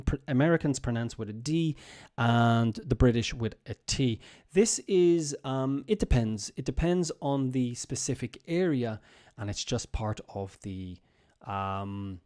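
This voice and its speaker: A man hosts a relaxed livestream English lesson in a mellow, warm voice at a middle pitch. He talks loosely with plenty of fillers and patiently repeats example words for his learners. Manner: loose and chatty, many fillers. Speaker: English teacher and stream host.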